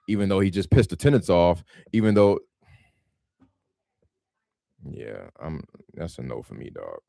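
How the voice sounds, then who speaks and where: A man hosting a casual live stream about real estate wholesaling, telling stories in an animated, slangy way and laughing often. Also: deep voice, fairly quick, gravelly, dry recording, studio quality.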